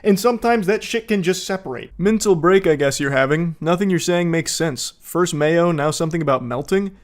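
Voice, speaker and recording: A man's voice: on the high side, a little fast. A man giving sarcastic, swearing comedy commentary while reading out a couple's text messages.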